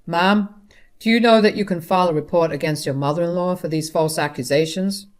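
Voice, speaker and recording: Lady doing a calm polite cop, matter of fact. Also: lowish voice, brisk, lightly acted. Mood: businesslike. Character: calm police officer, adult, businesslike.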